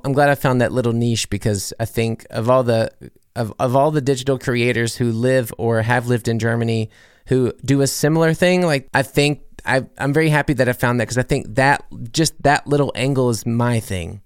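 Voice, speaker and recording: A man's voice: mid-range voice, moderate pace, clear, resonant tone, no room sound, clean studio sound. A man who is a musician and comedy creator, answering radio interview questions in an earnest, rambling way with many restarts. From United States.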